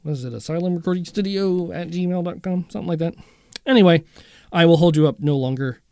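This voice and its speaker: A man's voice: fairly high pitch, quick pace, gravelly, a little mellow, no echo, studio quality. Chatty man rambling over guitar pictures. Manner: rambling, chatty, talks to himself while browsing. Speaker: guitar channel host. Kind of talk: casual commentary on guitar listings.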